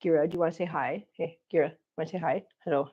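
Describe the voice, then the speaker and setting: A woman's voice: low-pitched, fairly even intonation, fast, slightly rough, lo-fi sound. A woman chatting through a live vlog while cleaning up after her cats, out of breath from the heat and cooing at them in baby talk. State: overheated and out of breath. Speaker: cat channel vlogger. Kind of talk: unscripted live-stream chat while cleaning.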